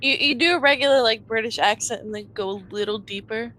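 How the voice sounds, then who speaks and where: A woman's voice: a little high, quick pace, pushed and bright. A woman co-reader in giggly, joking casual chat.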